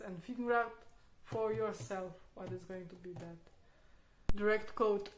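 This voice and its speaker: A young woman and mother, talking casually and candidly as she reviews a parenting book, thinking aloud, restarting words and swearing now and then. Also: a little high. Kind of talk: casual reflective vlog talk. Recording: roomy echo.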